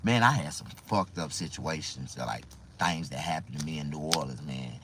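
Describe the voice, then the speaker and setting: A man's voice: extremely low pitch, animated, moderate pace, fairly bright tone, a little hiss or hum. A man telling a rambling personal story in a casual, profane way, laughing often and repeating himself.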